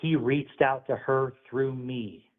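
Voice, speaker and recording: A man's voice: medium pitch, steady tone, takes it slowly. A man calling in, telling a religious testimony in an earnest, preachy storytelling manner. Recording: phone-line audio.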